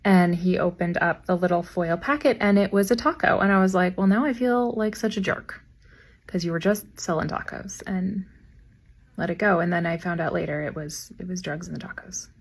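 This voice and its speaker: A young adult woman, a teacher, telling funny classroom anecdotes in a dry, deadpan way and quoting her students. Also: lowish voice, normal speed, slightly rough. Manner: deadpan, wry delivery with quoted student voices. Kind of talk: anecdotal storytelling.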